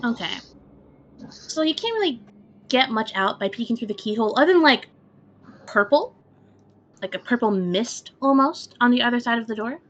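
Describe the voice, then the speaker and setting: A woman's voice: on the high side, lively intonation, normal speed, long pauses, fairly bright tone, lo-fi sound. A woman narrating a tabletop game as game master, describing scenes in a casual way. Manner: descriptive, laughs easily, casual.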